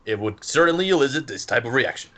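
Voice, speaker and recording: A man's voice: medium pitch, animated, fast talker, bright, forceful tone. A man playing a tabletop game, rambling and laughing as he explains his character. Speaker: player. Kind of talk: tabletop game play, casual chat.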